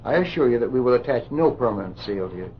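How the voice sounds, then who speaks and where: A man instructing doctors in a live hypnosis demonstration, giving slow soothing suggestions and lecturing with indignation. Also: medium pitch, animated. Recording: muffled old recording with loud hiss.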